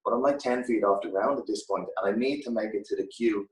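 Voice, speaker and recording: An Irish man in his thirties, a guest telling a loose, lively anecdote in casual chat, swearing now and then. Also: fairly low pitch, fast talker. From Ireland. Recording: echoey room, mic at a distance.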